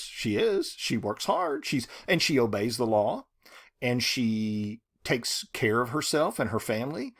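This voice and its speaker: Animated man lecturing on literature. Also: medium pitch, slightly rough. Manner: animated, rhetorical, keeps asking "right?". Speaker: literature teacher. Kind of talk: lecture on a short story.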